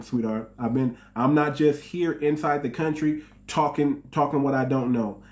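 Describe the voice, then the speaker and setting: A man's voice: medium pitch, a little mellow. A man with an African American English accent, hosting his own channel and delivering a heated, repetitive, mocking commentary rant. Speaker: channel host.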